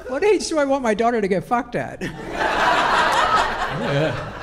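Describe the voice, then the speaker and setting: A male stand-up comedian with a brash, high, lively voice performs a set on a comedy club stage, telling punchy, profane stories at a measured pace. The live club recording is noisy, with the audience laughing in the background.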